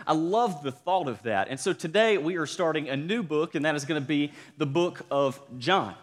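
A man's voice: a little high, animated, normal speed. A young man with a Southern accent, preaching as a student pastor and calling out to the congregation. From South Georgia, USA. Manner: upbeat, calls to the congregation. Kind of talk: sermon. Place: church sanctuary. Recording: long church reverb.

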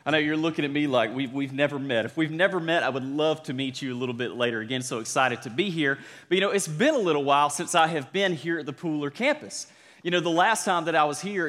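A man's voice: fairly high pitch, a bit bright. A young man with a Southern accent, preaching as a student pastor and calling out to the congregation. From South Georgia, USA. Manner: upbeat, calls to the congregation. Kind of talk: sermon. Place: church sanctuary. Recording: long church reverb.

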